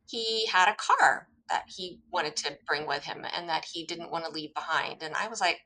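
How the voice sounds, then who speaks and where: A woman's voice: sits low, moderate pace, rough recording. A woman from the United States telling a personal story in a casual talk, acting out the quoted dialogue. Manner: animated, acts out quoted dialogue, laughs at herself. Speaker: guest telling her story.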